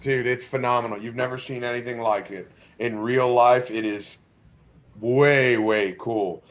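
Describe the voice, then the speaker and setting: A man hosting a live fishing show, chatting casually with loud, jokey, teasing banter. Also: medium pitch, steady tone, a little slow. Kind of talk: casual live-stream chat.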